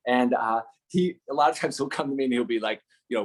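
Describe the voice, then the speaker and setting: Animated man telling a funny anecdote. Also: mid-range voice, fast talker, few pauses. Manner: animated, acts out dialogue with many fillers and restarts. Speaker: storyteller. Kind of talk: casual spoken anecdote.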